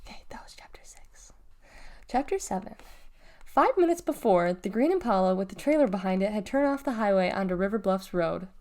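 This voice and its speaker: A woman reading a children's novel aloud in a lively, expressive storytelling manner. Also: medium pitch, brisk. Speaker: reader.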